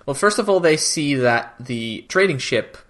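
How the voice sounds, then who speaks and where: A young adult man co-hosting a casual podcast, calmly analyzing a TV episode's characters. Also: fairly high pitch, a little slow. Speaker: podcast co-host. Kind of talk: casual episode recap chat.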